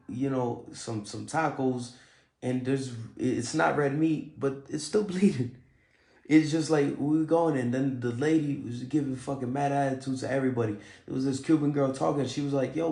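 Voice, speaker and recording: A man's voice: medium pitch, vocal fry, a little mellow, roomy sound. A young man telling a story to camera in a blunt, profane and heated way. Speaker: vlogger. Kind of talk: casual storytelling vlog.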